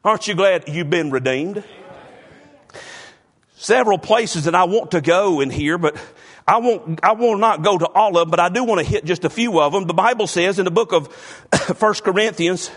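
A man's voice: sits high, moderate pace, fairly bright tone. A man preaching a sermon, fervent and calling out members of the congregation by name. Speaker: pastor.

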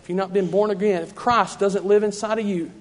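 A preacher man delivers a revival-style sermon in a church, his fervent cadence circling back on the same phrases. His voice sits high for a man. The sound carries a long reverb from the hall. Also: fairly even intonation, a little fast.

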